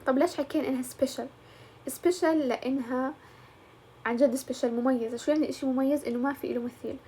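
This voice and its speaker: A woman teacher walks through a lesson step by step. She talks in a fairly high voice. She moves easily between English and colloquial as she explains. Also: steady tone, rapid-fire, dark tone, slight background noise. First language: Arabic.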